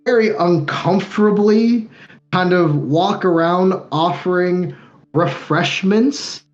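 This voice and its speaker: A man's voice: sits high, slow pace, dull audio, faint music behind. Man narrating a tabletop game. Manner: loose, descriptive, hedging with fillers. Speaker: game master.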